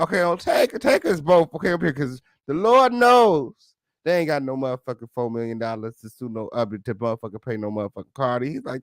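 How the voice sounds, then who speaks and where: A man's voice: medium pitch, animated, quick pace, no echo, clean studio sound. A man hosting a gossip show, reacting to a clip with profane, mocking commentary. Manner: profane, mocking, loud laughs.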